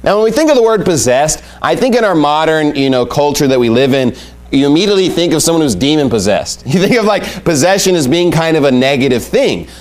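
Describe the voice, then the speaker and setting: A man's voice: a little high, expressive, a little fast. A man preaching a sermon, emphatic and repeating his key points as he reads scripture aloud. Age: adult with young family.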